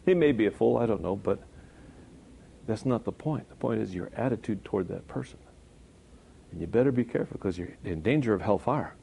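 A man preaching a sermon in a conversational way, now and then jumping to loud emphasis and acting out quoted voices. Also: fairly low pitch, animated, fairly quick, vocal fry, long pauses, slight background noise.

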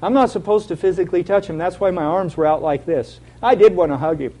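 A man's voice: sits high, fast, warm tone, low-quality recording. A man giving an earnest, heartfelt sermon with a personal testimony. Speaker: lay preacher.

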